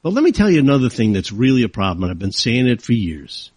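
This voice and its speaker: A man's voice: mid-range voice, huge pitch swings, fast talker, darkish tone, slightly rough, no room sound. A man hosting a talk radio show, delivering an indignant, heated monologue that keeps rising into outbursts.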